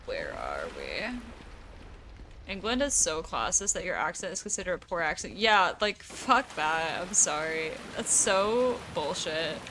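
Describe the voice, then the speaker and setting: A woman's voice: on the low side, big pitch swings, a little slow, noisy background. A young woman from the United States with an East Coast accent, chatting casually with her chat while gaming, laughing often and swearing offhandedly. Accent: American East Coast. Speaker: streamer.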